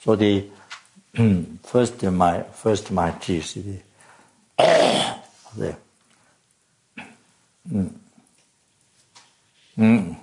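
A man giving a dharma talk as a Buddhist teacher, halting and full of fillers, often coughing and clearing his throat. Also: sits low, darkish tone. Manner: halting, many fillers and restarts.

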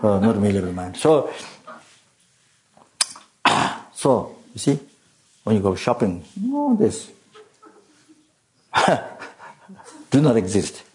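A man giving a dharma talk as a Buddhist teacher, halting and full of fillers, often coughing and clearing his throat. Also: lowish voice, sing-song, darkish tone. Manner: halting, many fillers and restarts.

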